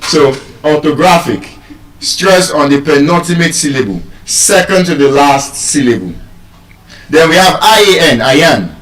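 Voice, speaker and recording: A man's voice: fairly high pitch, animated, measured pace, fairly bright tone. A man with a Nigerian accent teaching pronunciation in a live lesson, stretching out and repeating example words. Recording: echoey room, far from mic.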